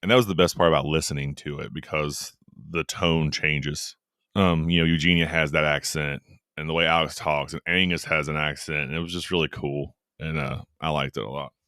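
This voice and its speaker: Deep-voiced guy rambling happily about a book on a podcast, bright clear tone. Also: steady tone, a little fast, no echo, studio quality. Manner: rambling, enthusiastic, trails off mid-sentence. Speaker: podcast co-host. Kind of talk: casual book discussion.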